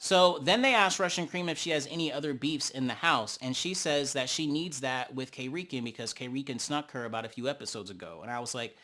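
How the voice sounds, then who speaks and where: A man with a bright, forceful voice gives a chatty recap of a reality episode. He talks with plenty of sass and often drops into exaggerated voices to act out quotes from the show. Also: on the high side, normal speed, hardly any pauses. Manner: sassy, animated, quoting cast members in exaggerated voices.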